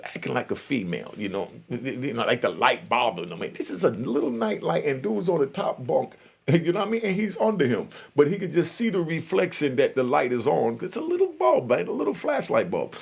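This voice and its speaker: Gravelly New man telling stories. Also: medium pitch, brisk. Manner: animated, slangy, acts out other people. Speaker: storyteller recounting prison life. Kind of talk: casual storytelling.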